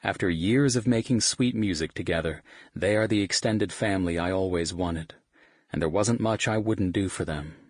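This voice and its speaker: Male narrator, first-person audiobook, wry and casual, very low voice, husky, dry close studio sound. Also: moderate pace, no room sound. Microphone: studio microphone.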